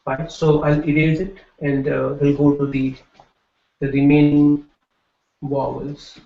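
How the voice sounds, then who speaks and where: A slightly high, creaky male voice delivers a slow, flat classroom lecture. The speaker, a Hindi teacher, explains patiently and checks in often by asking "right?". Echo fills the room, and the sound is dull and lo-fi.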